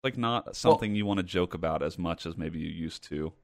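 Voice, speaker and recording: Podcast co-host, male, lowish voice, animated, punchy, repeats his point, dry close mic. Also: fairly quick, dry recording. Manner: animated, emphatic, repeats himself for effect. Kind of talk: casual chat.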